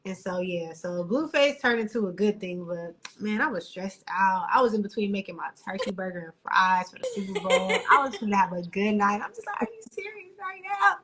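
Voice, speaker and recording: A young adult woman co-hosting a podcast, telling an animated story in casual chat full of slang and acted-out quotes. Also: mid-range voice, moderate pace, few pauses, background noise. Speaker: podcast co-host.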